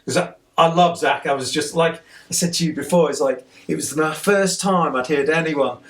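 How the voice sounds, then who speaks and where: Excited man telling a story. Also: fairly high pitch, moderate pace. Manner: excited, rambling, lots of "like". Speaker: podcast guest. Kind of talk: casual storytelling in conversation. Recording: voice sitting far from the mic.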